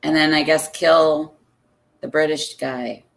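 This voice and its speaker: Woman podcast guest, low voice, slow, thoughtful delivery. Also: steady tone, creaky, low-quality recording. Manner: unhurried, thoughtful, hesitant. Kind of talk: casual podcast chat.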